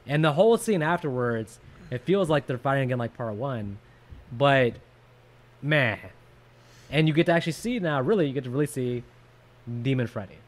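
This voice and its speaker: A man's voice: medium pitch, animated, normal speed, long pauses. A man co-hosting a casual movie podcast, chatty and jokey, often trailing off with fillers. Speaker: podcast co-host.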